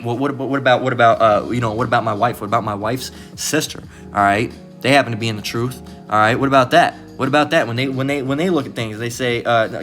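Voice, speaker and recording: A man's voice: medium pitch, fast talker, few pauses, fairly bright tone, faint music behind. A man giving informal Bible commentary, rambling and repetitive, cursing freely and tagging his points with questions to the listener. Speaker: preacher.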